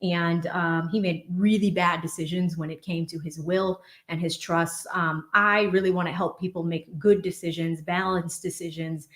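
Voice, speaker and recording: A woman's voice: fairly low pitch, moderate pace, few pauses. Chatty woman streamer from Boston, roomy. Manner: chatty, animated, reads out viewer messages. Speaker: legal commentary streamer. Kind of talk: livestream commentary and chat shout-outs.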